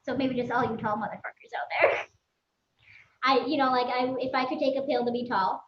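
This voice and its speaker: A woman's voice: sits high, steady tone, brisk, roomy sound, muffled recording, slight background noise. A woman with a Minnesotan accent, a guest on a live show, chatting candidly with lots of giggles and swearing. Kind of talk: casual live-stream chat. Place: by a pool.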